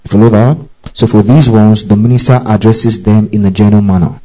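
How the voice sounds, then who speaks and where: A man's voice: on the low side, steady tone, brisk, mellow, rough recording. A man teaching from the Bible as a preacher, often checking in with his listeners and repeating key phrases.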